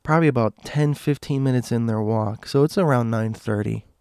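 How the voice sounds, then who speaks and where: A man recounting a story in a gravelly, easygoing voice at a middle pitch. He leans into dramatic pauses and hushed stretches for suspense, recorded close and dry. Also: no room sound. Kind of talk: casual spoken storytelling.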